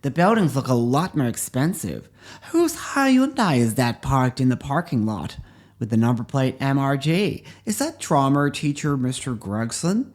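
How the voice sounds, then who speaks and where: A man putting on a gushing, excitable young Aladdin. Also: medium pitch, unhurried, natural voice. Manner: gushing, then panicked screaming as he falls. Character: young male cartoon-style flying carpet rider, excitable.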